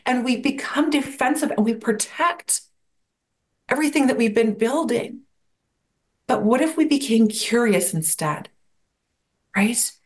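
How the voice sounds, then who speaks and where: Answering interview questions as a podcast guest, a woman reflects on burnout like a coach and asks rhetorical questions. She speaks a little slowly with long pauses, in an expressive voice on the high side.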